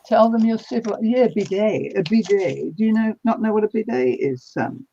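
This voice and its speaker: A woman's voice: medium pitch, normal speed, mellow, slight background noise. An older woman, chatting casually and laughing easily while she works on a quilt. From New Zealand. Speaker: crafting vlog host. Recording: dull lo-fi sound.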